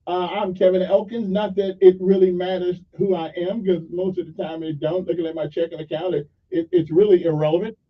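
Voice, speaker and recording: A middle-aged man hosts a morning radio show in a rambling, folksy way. His voice sits high and sounds husky. The sound is dull and comes from a little way off the mic. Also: flat delivery, a little fast, few pauses, distant mic. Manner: rambling, joking asides, folksy. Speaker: radio talk show host. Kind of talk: casual morning radio shout-outs.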